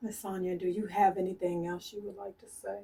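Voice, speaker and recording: A woman giving a channeled tarot reading as a medium, speaking softly and repeating her urgings insistently to her audience. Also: mid-range voice, flat delivery, brisk, gravelly, husky, recorded from a distance.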